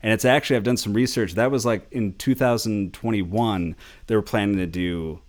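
Male podcast host, low voice, casual, rambling, laughs often. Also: moderate pace.

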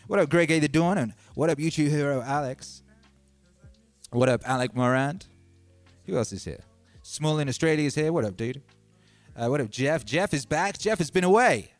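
A man hosting a DJ livestream, chatting casually and rambling between shout-outs to his viewers. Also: on the high side, expressive, moderate pace, long pauses, no echo. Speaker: DJ and livestream host. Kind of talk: casual livestream chat over music. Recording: loud music playing under the voice.

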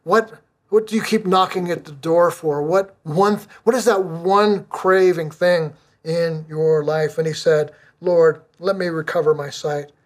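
A middle-aged man preaching with earnest conviction, his voice sitting a little on the higher side. He slows down and leans on repeated phrases to drive each point home. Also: steady tone. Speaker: pastor. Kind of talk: sermon.

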